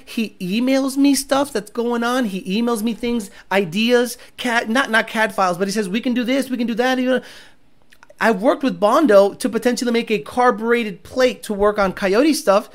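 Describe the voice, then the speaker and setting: A man's voice: extremely high pitch, normal speed. A young man hosting a casual livestream, reading chat and ranting bluntly with lots of profanity and boasting.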